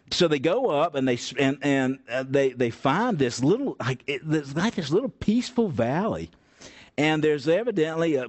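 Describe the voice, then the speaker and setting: A man's voice: mid-range voice, a little mellow. A man teaching a Bible study, reading passages aloud and then explaining them in a conversational way, with frequent fillers and restarts. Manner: conversational, many fillers and restarts, folksy asides.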